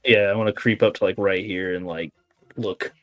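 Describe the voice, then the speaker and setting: A man's voice: low voice, steady tone, moderate pace, fairly bright tone, no echo. A man playing a tabletop game who talks casually and hesitantly, with many fillers. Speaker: player.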